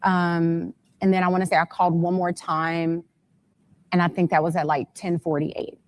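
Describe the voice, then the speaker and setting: A woman's voice: lowish voice, little pitch movement, moderate pace. A woman speaking as an interview guest, a mother telling events step by step in detail and growing urgent and frantic. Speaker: guest, mother of a missing son.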